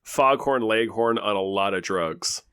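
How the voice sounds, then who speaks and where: A man's voice: lowish voice, a little slow, fairly bright tone, clear, resonant tone, no room sound, studio quality. A man co-hosting a podcast, riffing sarcastically on a movie trailer with stammered restarts and comic analogies. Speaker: podcast co-host. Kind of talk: casual movie chat.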